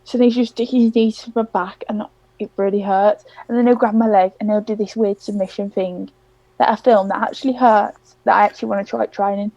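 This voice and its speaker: A woman's voice: mid-range voice, fairly even intonation, brisk, creaky, mellow, no room sound, dull audio. A woman, a guest wrestler chatting casually, hesitant and laughing at times. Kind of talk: casual chat.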